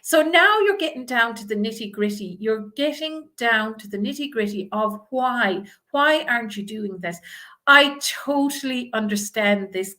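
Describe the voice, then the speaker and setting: A woman's voice: mid-range voice, pushed and bright. A woman with a strong Irish accent from Ireland, coaching viewers live and reading out their comments. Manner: encouraging, reads out viewer comments. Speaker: image coach.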